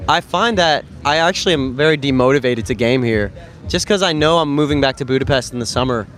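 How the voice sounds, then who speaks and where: A man's voice: medium pitch, quick pace, fairly bright tone, faint music behind. An American man in his thirties chatting casually and rambling, with a lot of profanity and slang, outdoors by a street. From United States. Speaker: dating coach vlogger. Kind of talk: casual chat.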